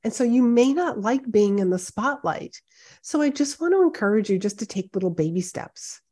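A woman's voice: fairly high pitch, expressive, moderate pace, dark tone. Woman podcast host giving a pep talk, chatty and encouraging, talks right to you. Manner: encouraging, conversational, direct address. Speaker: podcast host and speaking coach. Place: home office with high ceilings and hardwood floors.

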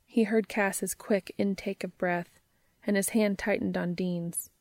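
A woman reading a story aloud in a soft, measured way. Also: mid-range voice, steady tone, dry recording. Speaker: narrator.

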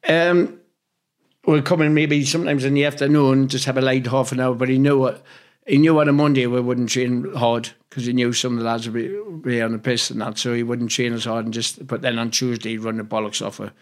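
A man's voice: mid-range voice, level tone, brisk. A man from Newcastle with a Geordie accent, a former footballer telling rambling, sweary stories in a casual interview. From Newcastle, England. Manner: blunt, swears freely, rambling anecdotes.

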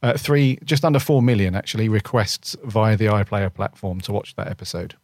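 A man's voice: on the low side, fairly quick, no room sound, studio quality. A man co-hosting a podcast, talking casually and hesitantly, correcting himself as he goes. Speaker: podcast co-host. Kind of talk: casual chat.

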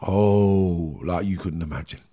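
A man's voice: sits low, a little slow, dark tone. A man, a guest in an interview, telling his story intensely, repeating himself, blunt and swearing. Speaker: guest, former criminal.

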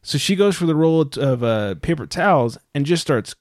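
Male podcast co-host, a bit high-pitched, dry close sound, swears freely and tells stories animatedly. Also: normal speed, dry recording. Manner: profane, animated storytelling with loud quoted outbursts. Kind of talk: casual chat.

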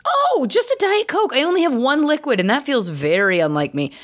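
A woman co-hosts a podcast with playful, chatty energy. Her pitch bounces around a lot as she tells her stories. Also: brisk. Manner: playful, animated storytelling. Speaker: podcast co-host. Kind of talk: casual chat.

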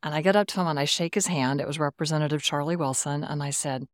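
A woman's voice: sits low, fast talker, hardly any pauses, no echo, studio quality. A woman in her sixties from Texas, a retired Air Force officer telling stories as a podcast guest. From Texas, USA. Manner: warm, animated anecdotes with quoted dialogue. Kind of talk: conversational storytelling.

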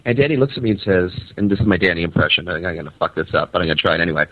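A man hosting a radio show, phoning in from a hotel conference center, rambling and animated as he tells a story and swears casually. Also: sits low, rapid-fire, hardly any pauses. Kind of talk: casual phoned-in radio chat. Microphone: phone. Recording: tinny, dry phone line.

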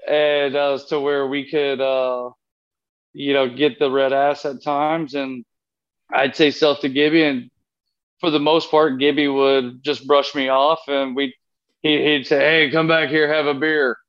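A man speaks as an interview guest in a casual storytelling interview, spinning a long, rambling anecdote and acting out what he and others said. His mid-range voice is clear, resonant and fairly bright, delivered flatly at a measured pace. The recording's highs are cut off.

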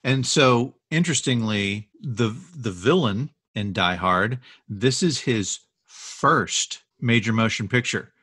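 A man's voice: medium pitch, takes it slowly, hardly any pauses, sharp tone, breathy edge, dry recording, studio quality. A man co-hosting a casual talk show, telling movie history stories in a chatty, rambling way. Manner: chatty storyteller with restarts and asides. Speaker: podcast co-host.

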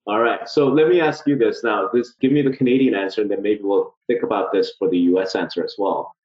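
A man hosting a casual panel chat, relaxed and joking with his guests. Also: fairly low pitch, a little fast, reverberant, dull audio. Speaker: host.

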